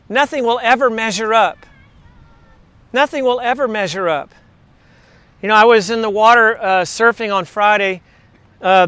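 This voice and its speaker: A man's voice: high voice, pushed and bright, clear, resonant tone, no echo. A man preaching a sermon in a conversational way, telling stories and asking rhetorical questions. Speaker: pastor.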